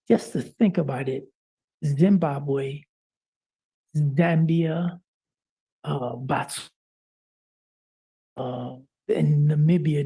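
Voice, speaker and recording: A man's voice: a little high, vocal fry, dark tone, breathy edge. A man co-hosting a live-streamed talk show, speaking in an impassioned, preacher-like way with frequent "uh" fillers.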